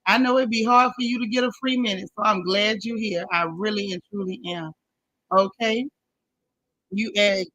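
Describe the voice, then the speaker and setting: Woman live-streaming, bright punchy voice, greeting chat by name, super casual. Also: fairly high pitch, rough recording. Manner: chatty, greets viewers by name, folksy slang.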